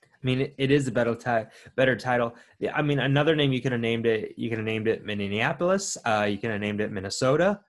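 A man's voice: medium pitch, fast talker. A man co-hosting a podcast, chatting loosely about a film with restarts and filler words. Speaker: podcast co-host. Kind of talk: casual chat about a film.

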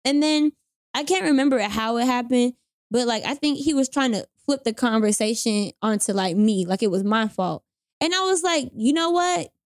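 A woman's voice: a little high, normal speed, dry recording, clean studio sound. Young woman animatedly retelling a breakup. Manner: animated retelling with quoted voices and slang. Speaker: storyteller guest. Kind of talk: casual chat.

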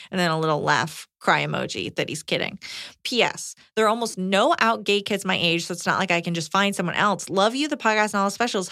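A woman's voice: medium pitch, creaky, a bit bright, no echo, studio quality. A young woman co-hosting a podcast who reads listener letters aloud and chats in an easygoing way, often laughing. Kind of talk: reading letters and casual chat.

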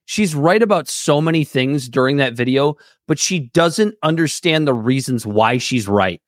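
A man's voice: medium pitch, expressive, moderate pace, dry recording, studio quality. A man co-hosting a casual political podcast, talking in a blunt, heated, profane way. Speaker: podcast co-host.

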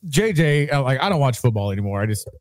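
A man chats casually and throws in jokes as the talk goes on. His pitch moves around a lot, and he sounds close and dry. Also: very animated, fast talker, darkish tone, dry recording. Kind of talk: casual chat.

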